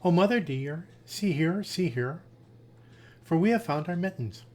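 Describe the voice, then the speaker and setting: A man's voice: fairly high pitch, expressive, a little slow, darkish tone. Three fretful little kittens, whiny and pleading, slightly raised voice, read by a man.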